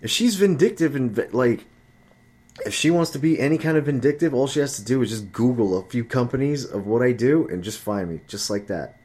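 A slightly mellow male voice with a breathy edge moves a little quickly through a casual rant on friendship and romance. He curses often, sounds fed up, and shifts to a high pitch to mimic gabby friends and women.

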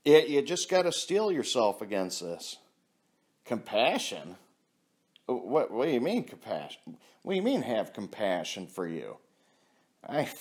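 A man's voice: fairly low pitch, darkish tone. A man delivering a casual, blunt ranting monologue, heavy on swearing and laughing at his own stories. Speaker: vlogger.

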